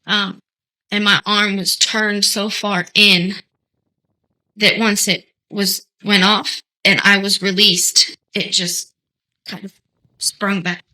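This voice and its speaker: Brief: woman defendant giving hesitant courtroom testimony, bright tone. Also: mid-range voice, level tone, rough recording. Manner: hesitant, halting answers.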